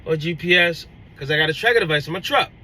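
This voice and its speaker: Animated man, bright forceful voice. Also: fairly high pitch, fast, poor audio. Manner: animated retelling, acts out dialogue, many restarts. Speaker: owner-operator truck driver. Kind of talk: casual storytime vlog.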